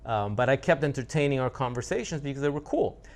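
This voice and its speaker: A man's voice: medium pitch, lively intonation, quick pace, darkish tone. A man giving a blunt, profane monologue about relationships, often restarting his sentences. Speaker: relationship coach. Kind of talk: casual monologue.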